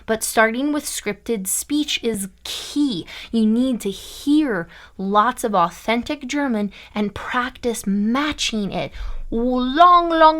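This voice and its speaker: Casting: young American woman teacher, a little higher-pitched than most, emphatic, keeps asking "okay?". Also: fairly bright tone. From United States (Iowa). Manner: emphatic, checks in with "okay?" and "right?". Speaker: German teacher. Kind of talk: online language lesson.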